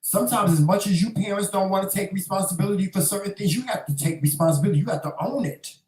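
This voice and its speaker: Fast and high-pitched with a darkish tone, a man hosts a casual livestream talk show, firing off a preachy, sassy, profane monologue to the live chat and calling people "honey" and "child." The low-quality audio carries room echo.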